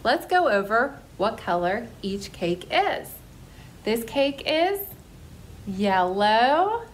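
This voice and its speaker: A woman's voice: a little high, big pitch swings, a little hiss or hum. A woman who is a children's librarian, leading a toddler story time in a coaxing sing-song style. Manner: slow, bright sing-song, coaxing little listeners.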